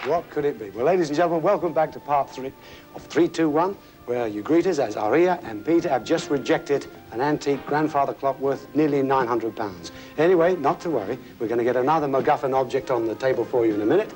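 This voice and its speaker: A man's voice: mid-range voice, fast, darkish tone, soft background music, poor audio. A man hosting a television game show, chatty and jokey, talking to contestants and a studio audience. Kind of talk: upbeat studio presenting.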